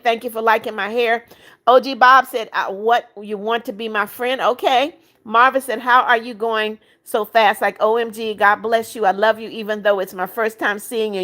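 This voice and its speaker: A woman hosting a livestream, reading out viewer comments in a brisk, chatty way and repeating greetings and calls for likes. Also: on the high side, fairly bright tone. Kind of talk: casual live chat.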